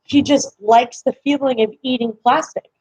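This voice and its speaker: A woman's voice: sits high, steady tone, moderate pace, darkish tone, husky, dry recording. Chatty young woman live-streaming from home. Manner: chatty, rambling, lots of fillers. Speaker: livestream host. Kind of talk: casual live-stream chat. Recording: slightly dull lo-fi stream audio.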